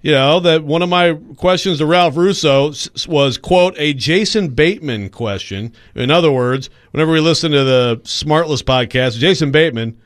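A man's voice: a little high, moderate pace, few pauses, clear, resonant tone. A man co-hosting sports radio in casual banter, rambling and joking, often cutting himself off mid-sentence. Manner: rambling, self-interrupting, joking.

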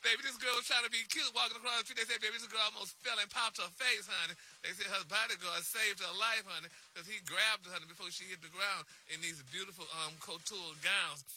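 A man's voice: high voice, fairly even intonation, fast, bright, forceful tone. A man reading the celebrity news on a morning radio show, sassy and chatty, dropping "honey" and "y'all" into nearly every line. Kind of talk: gossip segment on morning radio.

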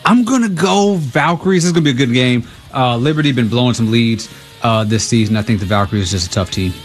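Easygoing guy guest on sports radio, mid pitch, faint music behind. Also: animated, fast talker. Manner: easygoing, laughs along. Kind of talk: casual sports radio banter.

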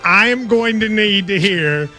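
A man's voice: high-pitched, measured pace, bright, forceful tone, faint music behind. A man hosting a sports talk show in a casual way, giggly and often breaking into laughter. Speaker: show host.

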